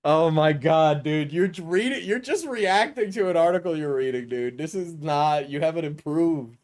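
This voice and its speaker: A man's voice: fairly high pitch, animated, normal speed, a little mellow, no room sound. A man with a New York accent giving crude, mocking commentary over a video during a live stream.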